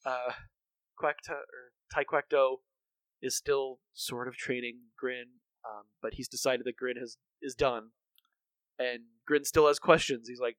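A man's voice: mid-range voice, flat delivery, a little slow, a bit bright, no room sound. A man co-hosting a podcast, recapping a cartoon episode in a rambling, casual way with many fillers and restarts. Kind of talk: casual chat.

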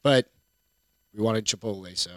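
A middle-aged man co-hosting a casual talk show, telling stories with lots of swearing and animated quoting. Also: lowish voice, normal speed, dry recording, studio quality. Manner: profane, animated storytelling. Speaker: podcast co-host. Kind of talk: casual chat.

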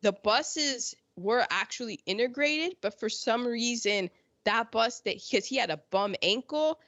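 A woman's voice: fairly high pitch, expressive, unhurried, fairly bright tone, dry recording. An American woman hosting a casual history chat, sarcastic, often mocking people in quoted voices. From United States. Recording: dull lo-fi sound.

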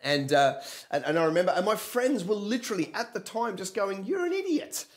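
A man, giving an energetic livestream sermon and calling on viewers to respond. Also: sits high, fairly quick. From London and Australia. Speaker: preacher and business coach.

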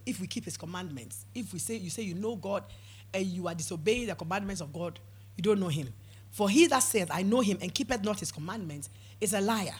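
A woman's voice: mid-range voice, husky. A woman preaching a sermon, emphatic, with frequent amens and repeated words for stress.

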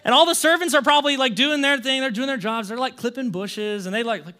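Bright, high-voiced animated preacher. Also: male voice, fast, hardly any pauses. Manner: animated storytelling with rhetorical questions and frequent "like". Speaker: pastor. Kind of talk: conversational sermon.

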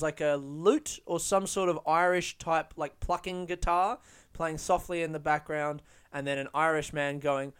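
A man talks alone on his podcast in a loose, rambling way, swearing freely and poking fun at himself. His voice sits a little high for a man and comes across smooth and clear. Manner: rambling, profane, self-mocking. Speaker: podcast host. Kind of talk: casual solo podcast monologue. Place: London, UK.

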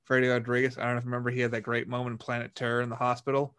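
A man's voice: medium pitch, monotone, racing, a bit bright, clean tone. A man chatting casually about a film, laughing often and retelling scenes vividly.

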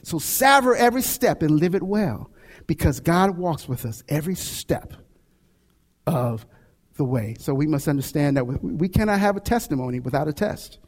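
A male pastor preaching a sermon, telling a personal story with lively, animated delivery. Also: a little high, moderate pace, big-room sound. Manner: animated storytelling with shouts and laughs.

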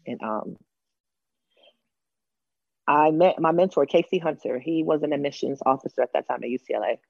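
A woman in her thirties from Los Angeles, telling her story as an interview guest, animated and acting out other people's lines. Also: low voice, normal speed, gravelly, long pauses, husky, dry recording, lo-fi sound.

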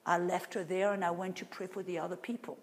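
A woman preacher delivering a sermon, asking the audience rhetorical questions and swinging between loud and very soft. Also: fairly low pitch, fairly even intonation, fast talker.

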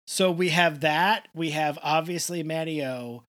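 A man co-hosting a podcast, chatting casually and jokily about a TV episode. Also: fairly high pitch. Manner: animated, jokey, quick asides. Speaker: podcast co-host. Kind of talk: casual recap chat.

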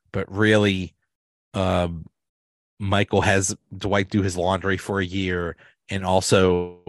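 A man, hosting a podcast and casually recapping sitcom episodes, halting often with fillers and restarts. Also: low-pitched, no room sound, clean studio sound. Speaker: podcast host.

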